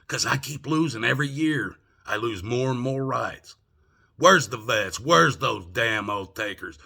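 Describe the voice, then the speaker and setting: A man's voice: mid-range voice, expressive, a little slow, vocal fry, bright, forceful tone. An older man ranting angrily from home, profane and indignant, firing off rhetorical questions. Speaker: vlogger. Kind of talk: angry political rant.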